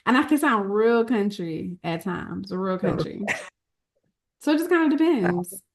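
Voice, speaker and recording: A woman's voice: mid-range voice, expressive, moderate pace. Candid woman podcast co-host. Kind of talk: casual chat.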